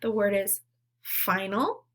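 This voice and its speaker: Leading little kids through phonics, this woman gives slow, clear word prompts and waits for them to echo back. She's encouraging and animated, with a mid-range, slightly bright voice.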